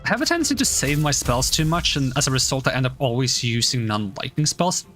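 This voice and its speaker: A male streamer chats his way through a game, thinking out loud as he works out the rules. His pitch swings a lot from line to line. A soft music bed runs faintly underneath. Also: animated, fast. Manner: thinks aloud, puzzling over game rules. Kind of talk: casual gameplay commentary.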